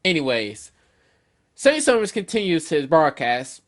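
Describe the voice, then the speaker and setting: A man's voice: medium pitch, unhurried, fairly bright tone. A man giving a casual, rambling chapter review with many fillers and some casual swearing. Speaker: manga reviewer.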